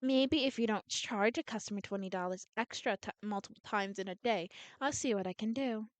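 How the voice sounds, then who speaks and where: A woman streamer with a mid-range voice reads a visual novel aloud a little fast, voicing every character in her own voice and often restarting words. There's no echo.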